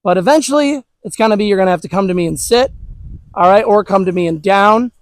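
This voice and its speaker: A man with a notably high voice, chatting his way through an outdoor dog training lesson. His delivery is relaxed and loose, peppered with "all right" and "you know". The recording is dry and close. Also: fast talker, no room sound, low-quality recording. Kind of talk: casual instructional talk. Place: outdoors with dogs.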